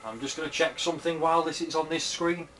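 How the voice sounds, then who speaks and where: A young man films his screen with a camera while casually commenting on his own gameplay at home, chatty, blunt, and swearing freely as he talks back to the game. His voice is fairly high, steady, quick, bright and forceful, with slight background noise.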